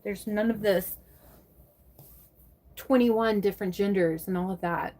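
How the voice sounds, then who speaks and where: Speaking at a measured pace with a mid-range, darkish voice, an American woman chats casually with her livestream audience, replying to viewers by name and swearing liberally.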